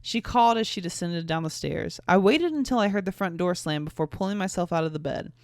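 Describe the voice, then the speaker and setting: A woman's voice: fairly low pitch, animated, a little fast, darkish tone, no room sound, clean studio sound. A tipsy young woman from North Carolina, hosting a podcast and reading her teen fanfic aloud with giggly, self-mocking asides. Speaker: podcast host.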